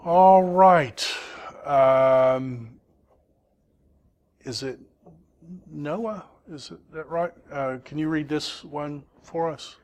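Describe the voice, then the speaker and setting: A man's voice: fairly high pitch, drawn-out words, long pauses, muffled recording. A man teaching a Greek class, asking students questions and patiently explaining grammar. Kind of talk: classroom lesson.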